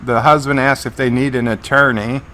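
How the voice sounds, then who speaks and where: A man's voice: medium pitch, little pitch movement, moderate pace, sharp tone, a little hiss or hum. A man giving live reaction commentary on a TV episode, narrating scenes as they unfold and often restarting his sentences. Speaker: TV episode reviewer.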